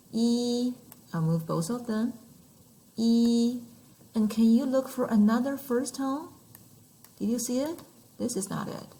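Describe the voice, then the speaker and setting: Slow patient lady teaching tones, mid-pitched voice, says each sound out loud. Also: rough recording. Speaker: Mandarin teacher. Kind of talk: online language lesson.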